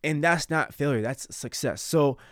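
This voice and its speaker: A man's voice: a little high, normal speed, no room sound, clean studio sound. A man hosting his own podcast, talking earnestly and a bit rambling about faith and failure. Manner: earnest, rambling, self-reflective. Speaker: podcast host.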